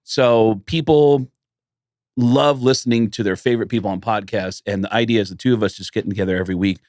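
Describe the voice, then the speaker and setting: A middle-aged man, a comedian co-hosting a podcast, chatting casually and telling stories with lively put-on voices. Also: brisk, no echo, studio quality. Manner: animated, jumps into high quoted voices when retelling stories. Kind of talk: casual chat, storytelling.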